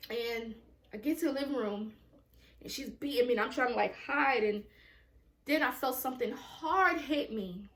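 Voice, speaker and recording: A woman's voice: fairly high pitch, normal speed, a bit bright, echoey room. A woman telling a personal story time at home, in a raw, emotional, profane way with many repetitions. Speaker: vlogger.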